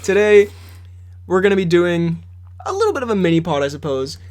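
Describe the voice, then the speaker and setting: A man's voice: high voice, very animated, darkish tone. A young man co-hosting a podcast, telling stories in casual chat and laughing often. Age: young adult. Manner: laughs often, quick storytelling. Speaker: podcast co-host. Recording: slight background hum.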